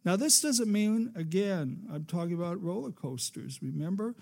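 A man's voice: high-pitched, expressive, moderate pace, vocal fry, darkish tone. A man preaching a sermon as pastor, rising and falling for emphasis and calling for amens.

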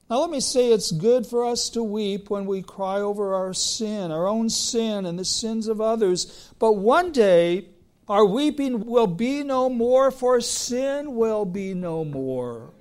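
A middle-aged man preaching a sermon as a pastor, slow and emphatic, building on repeated phrases. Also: high-pitched, darkish tone.

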